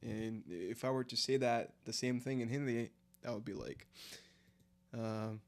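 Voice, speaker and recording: Laid-back, swearing young streamer. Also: male voice, mid-range voice, a little slow, a little mellow. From India. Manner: loose and laughing, with slang and swearing. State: tired. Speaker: live streamer. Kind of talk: casual chat with viewers while reading the chat.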